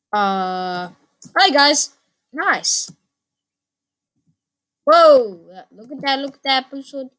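Her voice sits on the high side as she hosts her own gaming channel. The let's play commentary is excitable, with repeated phrases and sudden yelps.

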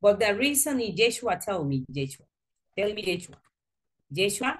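Lively woman teaching English. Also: medium pitch, slightly rough. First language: Spanish. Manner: slow, patient explaining with lively emphasis. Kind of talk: online grammar lesson. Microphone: video call.

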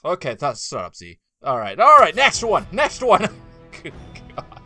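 An excitable man chatting through his gameplay in a high, bright voice. He jumps between pitches constantly, yelping and groaning as the game goes on. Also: unhurried, no room sound, studio quality. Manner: loud, excitable, exclaiming and groaning as he plays. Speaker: gaming video host. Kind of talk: casual gameplay commentary.

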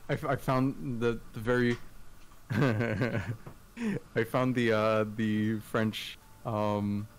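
Slow-talking playful man. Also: medium pitch, steady tone. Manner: rambling, playful, trailing off. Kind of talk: casual chat.

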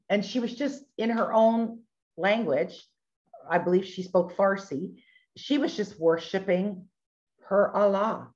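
Middle-aged woman sharing a faith story, kinda low voice, lively storytelling, dull lo-fi sound. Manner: animated storytelling, acts out quoted voices. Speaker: ministry speaker sharing testimony. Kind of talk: storytelling testimony. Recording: dull lo-fi recording.

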